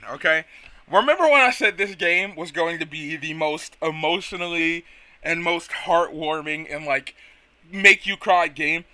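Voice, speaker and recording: A man hosting a casual let's play, talking in an excitable, rambling, self-mocking way. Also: on the high side, dry recording. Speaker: gaming video host.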